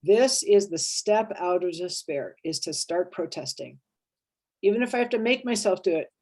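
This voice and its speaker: A woman therapist leading an interactive workshop, lively and expressive, acting out inner voices and checking in with her listeners. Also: lowish voice, normal speed. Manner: animated, acts out inner voices and checks in with "right?".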